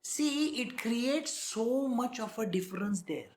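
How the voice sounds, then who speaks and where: Man, spiritual teacher, very expressive pitch, roomy echo. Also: a little hiss or hum. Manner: slow, demonstrates pronunciation, asks listeners if they follow. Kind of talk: spiritual discourse.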